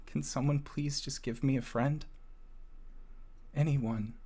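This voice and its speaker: A man's voice: mid-range voice, steady tone, slow pace, warm tone, pitched above the performer's own voice. A man voicing a lonely little boy who pleads through tears. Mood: pleading tearful.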